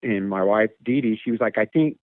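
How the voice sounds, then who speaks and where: A man's voice: on the low side, steady tone, brisk, dry recording. A man telling a long personal story in a casual, rambling way, repeating words and imitating animal calls, over a phone line. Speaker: guest telling an encounter story. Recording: tinny phone line, dry.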